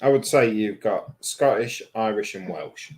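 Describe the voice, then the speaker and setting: A man's voice: lowish voice, unhurried, darkish tone. A man from Lincolnshire with an East Midlands accent, bantering and joking as a livestream co-host. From Lincolnshire, England. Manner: jokey, teasing banter. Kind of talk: casual livestream chat.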